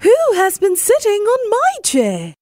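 A woman voicing an indignant mama bear with high, shrill cries. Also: huge pitch swings, measured pace, a little mellow, dry recording, clean studio sound, full character voice.

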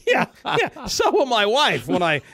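Halting, animated male radio host. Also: very high voice, vocal fry. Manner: halting, many restarts and fillers, laughs often. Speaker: radio talk show host. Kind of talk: casual radio talk.

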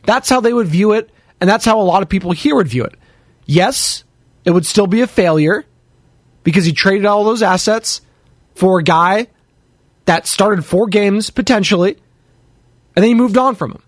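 High-voiced chatty sports show host, man. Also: moderate pace, pauses often, no echo, clean studio sound. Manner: chatty, jokey, shouts out listeners. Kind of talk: casual sports radio chat, taking calls and chat.

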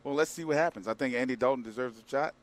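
A man's voice: mid-range voice, racing. A man co-hosting a sports radio show, rambling casually, repeating words and leaning on fillers. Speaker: co-host.

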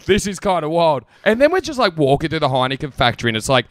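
Young aussie bloke telling a pub story on a podcast, swears a lot, voice jumps all over, dry close mic. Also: male voice, fairly high pitch, fast, no room sound. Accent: Australian. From Australia. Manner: sweary, laughing, animated storyteller. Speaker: podcast co-host. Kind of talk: casual storytelling chat.

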